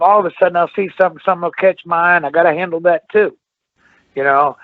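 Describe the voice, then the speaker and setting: Middle-aged man, rambling animated storyteller, fairly high voice, tinny phone line. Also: fast, no echo. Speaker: guest, former wrestler. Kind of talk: storytelling interview. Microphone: phone call.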